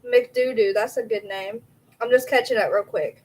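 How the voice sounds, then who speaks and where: A woman's voice: a little high, lively intonation, normal speed, husky, rough recording. A woman, hosting a casual livestream, chatty and reacting aloud to viewer comments, a little out of breath. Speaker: livestream host.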